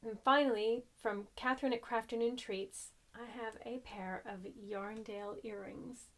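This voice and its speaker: A woman's voice: on the high side, fairly even intonation, a little slow, a bit bright. Chatty American woman crochet podcaster. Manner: chatty, rambling, self-deprecating. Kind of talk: casual chat.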